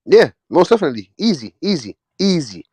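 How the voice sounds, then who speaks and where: A man with a fairly high voice, loudly arguing boxing in casual banter and hammering his points by saying them again and again. The sound is dry and close, with almost no room around him. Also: big pitch swings, brisk, breathy edge, no echo. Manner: loud, teasing, repeats himself for emphasis. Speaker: boxing podcast panelist. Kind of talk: heated casual debate.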